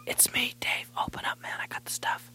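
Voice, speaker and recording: A man playing an impatient guy locked outside a door in a comedy record, talking in a breathy hoarse whisper and pleading to be let in. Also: a little fast, pushed and bright. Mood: urgent whisper. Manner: pleading, exasperated, repeats himself.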